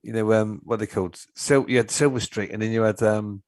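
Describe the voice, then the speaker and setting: A man talks as a podcast guest, in a somewhat low voice that sounds dry and close. He rambles happily through old film memories and reenacts scenes. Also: brisk, dry recording. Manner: rambling, animated storytelling. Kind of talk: casual chat.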